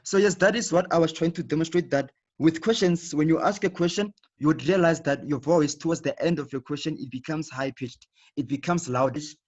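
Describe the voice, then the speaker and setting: Speaking briskly in a somewhat high voice, a man leads a live online class by video call, patiently explaining, repeating things and frequently asking "okay". The sound is dull, lo-fi internet audio.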